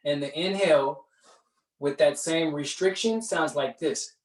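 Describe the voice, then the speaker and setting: Male breathwork instructor, unhurried delivery, recorded from a distance in an echoey space. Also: fairly high pitch. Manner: conversational, checks in with "right?". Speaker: yoga and meditation instructor. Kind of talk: guided breathing class. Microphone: far from the mic. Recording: roomy echo, distant mic.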